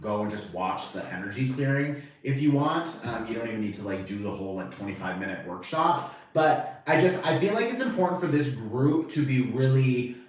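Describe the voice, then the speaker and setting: A man giving a casual, animated tarot reading to camera, chatty and swearing now and then, acting out the reactions he quotes. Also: medium pitch, brisk, far from the mic. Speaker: tarot reader. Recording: very echoey room, voice off-mic.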